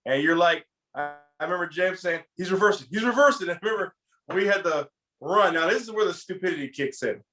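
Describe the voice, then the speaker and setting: Man, casual storyteller, animated, acts out quotes, slightly high, bright voice. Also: fairly quick. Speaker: podcast co-host telling a story.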